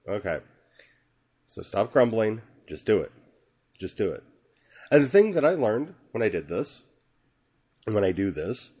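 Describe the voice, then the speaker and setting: A man hosting a podcast, reading a scripture passage slowly and musing on it in an earnest, conversational way. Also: fairly low pitch, darkish tone. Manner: slow, earnest, musing aloud. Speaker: podcast host. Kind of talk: reflective scripture talk.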